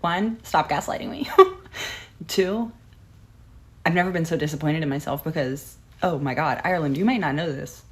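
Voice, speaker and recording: A woman's voice: low-pitched, moderate pace. A young woman in a casual comedic vlog, sarcastic and joking. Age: young adult. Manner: sarcastic, joking, laughs often.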